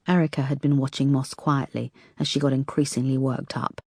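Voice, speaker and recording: Low-voiced woman reading a thriller. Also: fairly even intonation, fairly quick, hardly any pauses, darkish tone, dry recording, clean studio sound. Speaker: audiobook narrator. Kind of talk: scripted narration.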